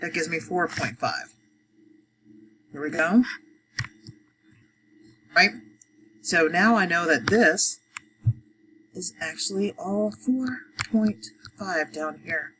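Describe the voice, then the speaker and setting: A woman's voice: fairly low pitch, slow, long pauses, fairly bright tone, slight background noise, low-quality recording. Woman teaching math step by step. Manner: talks through each step, counts aloud, frequent fillers. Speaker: adult education math teacher.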